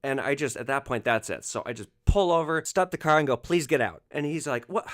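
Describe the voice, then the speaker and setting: A man hosting a podcast, telling a rideshare story in an animated monologue and acting out the passengers' lines. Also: medium pitch, a little fast. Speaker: podcast host, former rideshare driver.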